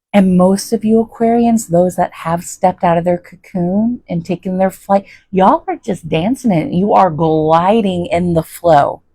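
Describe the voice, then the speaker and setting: A woman's voice: fairly low pitch, mellow, dry recording, poor audio. A woman giving a chatty, folksy tarot reading to her viewers, often checking in with "okay?". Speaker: tarot reader.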